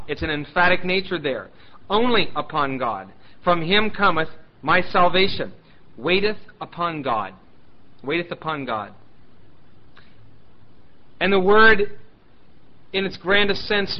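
A male pastor with a fairly high voice reads a psalm and preaches on it. He is emphatic, rising to loud declaiming and then dropping to hushed asides. He is fighting a sore throat, and the recording sounds muffled and lo-fi. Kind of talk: sermon with scripture reading.

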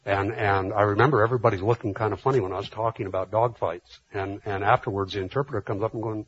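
A man's voice: fairly low pitch, quick pace, hardly any pauses, slightly rough. A man preaching a sermon in a loose, conversational way, full of restarts and fillers. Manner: conversational, many restarts and fillers, grows animated retelling stories. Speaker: pastor. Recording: dull lo-fi sermon recording.

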